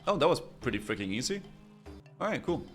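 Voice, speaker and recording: A man's voice: mid-range voice, sing-song, fairly quick, fairly bright tone, faint music behind. A man streaming a game, giving casual, playful commentary and swearing freely. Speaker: gaming streamer. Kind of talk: gaming commentary.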